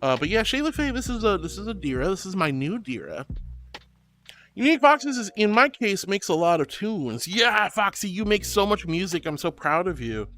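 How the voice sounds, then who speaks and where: A man's voice: high voice, big pitch swings, normal speed, fairly bright tone, faint music behind. A man streaming as a VTuber, reading chat aloud and greeting viewers in an affectionate, bubbly way, calling them sweetie and honey.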